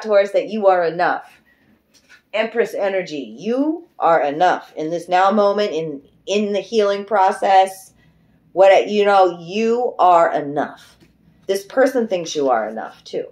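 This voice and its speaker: A woman's voice: medium pitch, darkish tone, slight background noise. A middle-aged woman giving a casual, emotive tarot card reading, chatty and loose, swearing freely. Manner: chatty and emotive, breaks into singing. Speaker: tarot reader.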